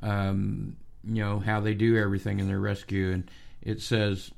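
A man's voice: on the low side, monotone, normal speed, vocal fry, darkish tone. A man hosting a radio interview, talking hesitantly with many fillers. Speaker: radio show host.

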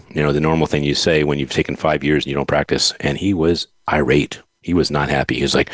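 A man's voice: very deep voice, fairly even intonation, fast talker, hardly any pauses, no room sound. A man hosting a podcast, chatting casually and telling rambling stories with frequent laughs. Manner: rambling storyteller, laughs often. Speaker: podcast host. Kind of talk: casual chat.

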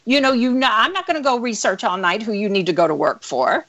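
A woman sales coach with an energetic, animated way of telling stories, speaking as a guest over a call. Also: on the high side, quick pace. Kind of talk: storytelling interview answer. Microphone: call recording.

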